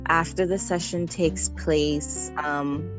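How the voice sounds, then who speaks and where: Chatty woman photographer, low voice. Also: takes it slowly, over music. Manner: chatty, animated, laughs often, frequent ums. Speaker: newborn photographer, guest. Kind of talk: casual podcast interview.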